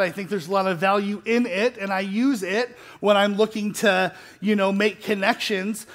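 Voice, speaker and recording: High-voiced man preaching conversationally. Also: normal speed, few pauses. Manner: conversational, self-deprecating, with restarts and light laughs; builds to earnest emphasis. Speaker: pastor. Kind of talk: sermon.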